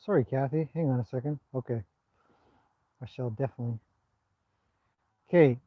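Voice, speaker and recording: A man with a Canadian accent, hosting a casual live stream and reading out viewer comments in a relaxed, rambling way. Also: medium pitch, moderate pace, dry recording, muffled recording. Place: outdoors at a stable in the evening.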